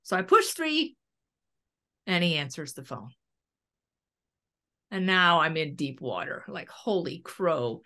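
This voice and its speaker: A woman's voice: lowish voice, wildly swooping pitch, takes it slowly, pauses often, sharp tone. A middle-aged woman, a medium and researcher, telling a personal story in an interview and acting out the dialogue as she goes.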